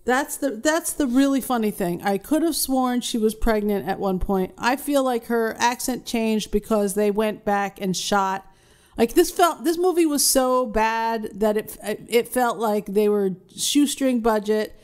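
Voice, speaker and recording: A woman co-hosts a casual podcast, chatting freely and reading out facts now and then. Her voice sits a little higher than most women's. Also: a little slow, darkish tone, clean tone. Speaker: podcast co-host. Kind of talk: casual chat.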